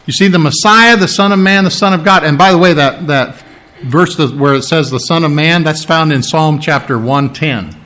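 A man's voice: fairly high pitch, normal speed, bright, forceful tone. A man preaching a sermon, teaching through a Bible passage emphatically, reading its lines with dramatic emphasis.

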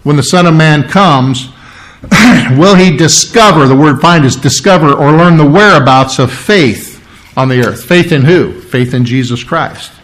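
A pastor preaching a sermon, emphatic and conversational, slowing down to read scripture and repeating key phrases. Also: male voice, fairly high pitch, fairly bright tone, poor audio. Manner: conversational, with frequent restarts and throat clearing.

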